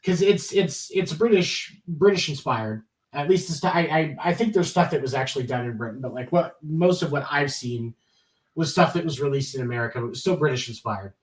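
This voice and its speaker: A man's voice: a little high, animated, fairly quick, echoey room, far from the mic, poor audio. A man co-hosting a late-night sports talk podcast, chatting casually and rambling with many restarts. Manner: rambling, many restarts, enthusiastic about comedy. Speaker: podcast co-host. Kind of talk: casual chat.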